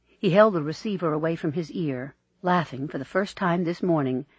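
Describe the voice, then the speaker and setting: A man reading an audiobook aloud in an expressive, measured storytelling manner, in a dry, slightly dull recording. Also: high voice, slightly rough, no room sound. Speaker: audiobook narrator. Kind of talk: scripted narration.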